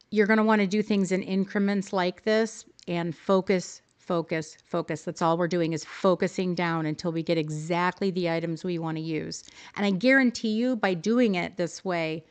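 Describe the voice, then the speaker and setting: Friendly and upbeat, this livestream host teaches game decorating, guiding viewers through their choices and responding to chat along the way. She has a mid-range voice with a clean tone.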